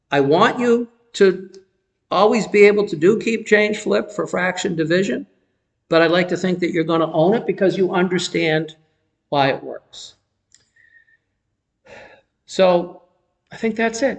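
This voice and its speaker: A man's voice: on the high side, gravelly. A man gives a recorded math lesson indoors, in a slightly raised voice. He explains each step patiently and encourages his students as he goes. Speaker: sixth-grade math teacher. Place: indoor room with automatic lights.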